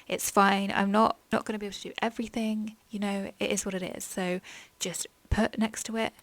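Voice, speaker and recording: A woman's voice: medium pitch, flat delivery, a little fast, no echo. A young woman hosting a podcast, chatting candidly about her mental health in a rambling, frank way, full of likes and ums. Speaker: podcast host.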